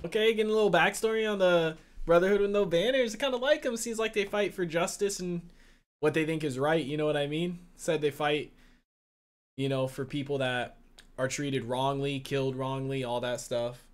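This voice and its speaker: A man giving casual, excitable reaction commentary, loud and full of swearing. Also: fairly high pitch, normal speed, clear, resonant tone. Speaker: reaction video host. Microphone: desk microphone.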